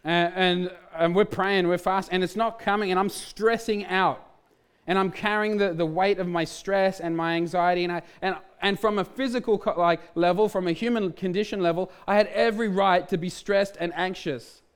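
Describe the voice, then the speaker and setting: Clear, higher-voiced man preaching a testimony. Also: steady tone, moderate pace. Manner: candid storytelling, frequent restarts and self-mocking humor. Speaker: pastor. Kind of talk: sermon testimony.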